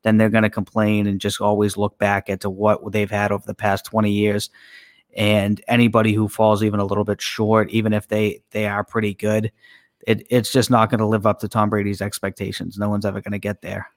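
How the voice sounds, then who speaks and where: A man's voice: on the low side, monotone, brisk, no echo, clean studio sound. A man co-hosting a casual sports podcast, plain-spoken and agreeable, with some hesitations. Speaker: podcast co-host.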